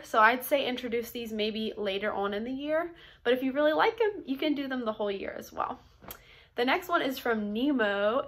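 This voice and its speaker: A young woman preschool teacher explaining classroom routines to other teachers, upbeat and clear, now and then acting out the call-and-response chants she uses. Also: on the high side, a bit bright. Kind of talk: instructional talk to teachers.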